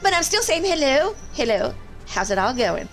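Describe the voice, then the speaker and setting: Young woman streamer chatting away, excitable and giggly, kinda high voice, faint game music. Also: normal speed. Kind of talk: casual live-stream chat.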